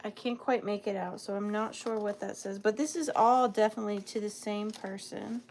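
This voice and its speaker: A woman's voice: medium pitch, normal speed, darkish tone, a little hiss or hum. A woman reselling antiques, hosting a live sale and reading old letters aloud, emotional and close to tears, marvelling and apologizing as she goes. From US South. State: near tears.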